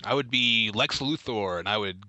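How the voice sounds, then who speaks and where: A man's voice: lowish voice, normal speed, bright, forceful tone, no room sound. A male podcast co-host chatting casually and joking around, slipping into silly voices. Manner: jokey, slips into silly put-on voices. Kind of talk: casual comedic chat.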